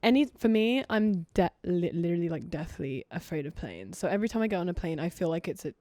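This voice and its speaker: A woman's voice: on the low side, expressive, mellow, no room sound. Chatty British woman, dry sound. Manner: chatty, self-deprecating, with quick restarts. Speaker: guest singer. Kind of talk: casual chat.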